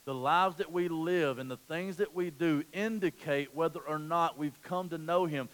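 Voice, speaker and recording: A man preaching a sermon in a church. He swings from quiet, low stretches to loud, emphatic passages and often restarts his phrases. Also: normal speed, few pauses. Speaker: pastor.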